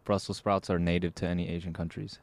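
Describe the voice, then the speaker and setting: A man's voice: deep voice, little pitch movement, fast. A young man in a casual chat with his siblings who talks in a dry, matter-of-fact way. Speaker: co-host.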